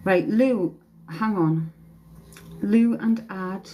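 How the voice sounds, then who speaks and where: Woman medium doing a live reading on her phone, slow and hesitant, repeats herself. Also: medium pitch, mellow, a little hiss or hum, rough recording. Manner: hesitant, repeats phrases, hums song lines. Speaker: psychic medium. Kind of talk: live-stream spirit reading.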